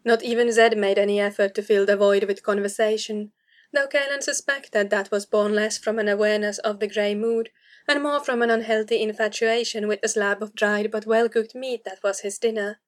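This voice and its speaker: Woman narrating a story calmly. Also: mid-range voice. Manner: calm, measured. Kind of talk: audiobook narration.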